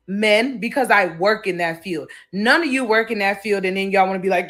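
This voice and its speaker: A woman's voice: mid-range voice, fairly quick, few pauses, fairly bright tone. Woman, blunt, sassy, casual rant, swears, care worker.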